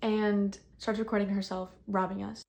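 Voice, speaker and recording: A woman recounting a personal ordeal in casual first-person storytelling, talking in quick bursts full of fillers, recorded outdoors. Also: mid-range voice, level tone, creaky, darkish tone.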